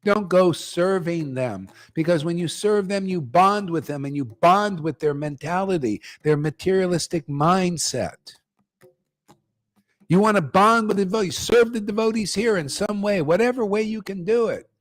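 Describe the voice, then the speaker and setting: Leading a chanting gathering, this older spiritual teacher rants through a blunt, slangy devotional talk and keeps calling his listeners "man." His voice is high and his pace moderate.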